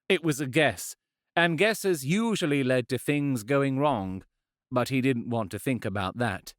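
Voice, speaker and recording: A man with a medium-pitched voice narrates a fantasy audiobook in a measured, expressive storytelling style. He's recorded dry on a close studio mic.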